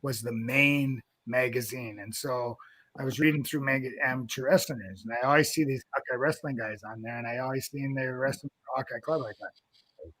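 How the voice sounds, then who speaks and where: A man's voice: medium pitch, fairly even intonation, normal speed, a bit bright, no echo. A man in his fifties from North Dakota, a wrestling coach being interviewed, telling a long story in a rambling way with many restarts.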